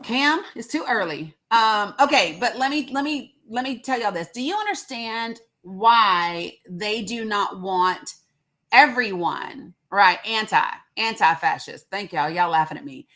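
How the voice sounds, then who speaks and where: Animated yet a little slow, a woman with a medium-pitched, fairly bright voice hosts a casual livestream. She comments live with emphasis, repeating words for effect.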